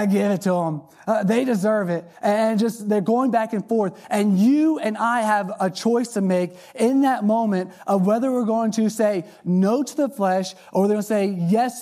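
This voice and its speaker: A man's voice: high voice, warm tone. A man giving a folksy sermon testimony, telling a story and often repeating words as he starts phrases. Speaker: lay preacher.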